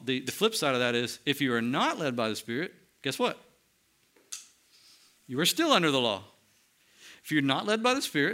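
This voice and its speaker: A man's voice: on the high side, sharp tone. A man preaching a sermon, teaching earnestly and asking his listeners rhetorical questions. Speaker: pastor.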